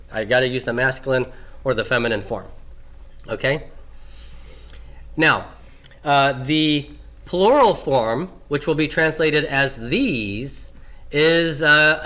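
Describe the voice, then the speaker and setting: A man lectures on Hebrew grammar at an unhurried pace. His voice is bright and clear, and he poses questions before answering them himself. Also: on the high side. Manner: asks questions and answers them himself, repeats key forms. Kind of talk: classroom lecture.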